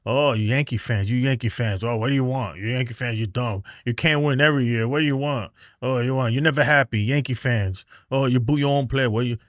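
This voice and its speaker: A man's voice: medium pitch, brisk, few pauses, no echo, studio quality, close to an everyday voice. A man putting on the voice of a mocking rival baseball fan who repeats sneering taunts.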